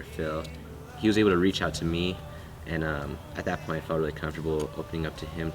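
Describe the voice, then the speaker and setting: A man's voice: a bass voice, far from the mic. A teenage boy giving a hesitant personal testimony as a student, with many fillers. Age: teens. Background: music.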